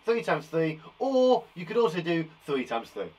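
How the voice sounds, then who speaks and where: Teacher, male, slightly high voice, playful and encouraging, live kids' maths lesson. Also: sing-song, moderate pace, a little mellow, slight background noise. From England. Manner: playful, encouraging, chats to viewers by name. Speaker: primary school teacher. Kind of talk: live online maths lesson for young children.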